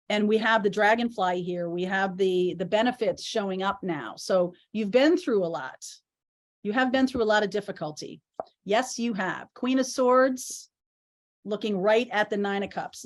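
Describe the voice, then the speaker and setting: A woman giving a casual, encouraging tarot reading to viewers, thinking aloud as she turns the cards. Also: mid-range voice. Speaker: tarot reader. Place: home in Maine.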